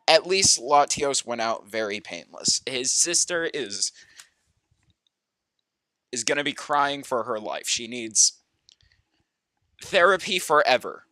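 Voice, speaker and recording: A streamer giving live playthrough commentary, excitable and chatty, shrieking and swearing at plot twists. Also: medium pitch, measured pace, pauses often, no echo. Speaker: streamer reading a fan-made game.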